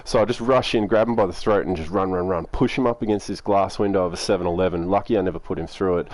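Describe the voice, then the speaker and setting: A man's voice: low-pitched, quick pace, darkish tone. A young Australian man telling a rambling story in a casual, laid-back way, swearing constantly.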